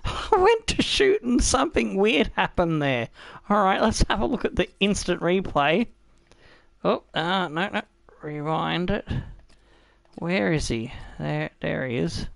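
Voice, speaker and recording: A man's voice: high-pitched, measured pace, vocal fry, no room sound. A man who hosts a gaming channel, commenting on his own football video game match with frequent laughter and swearing. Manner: laughs often, swears freely, excitable. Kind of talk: casual gameplay commentary.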